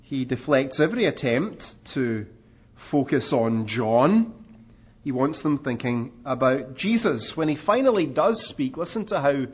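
A man's voice: medium pitch, very animated, unhurried, slightly rough, muffled recording. A man preaching a sermon in an earnest way, asking rhetorical questions and rising in emphasis.

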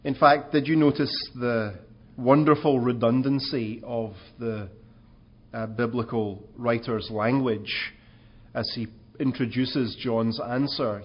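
A man's voice: mid-range voice, steady tone, slow pace, slightly rough, dull audio. A man preaching a sermon in an earnest way, asking rhetorical questions and rising in emphasis.

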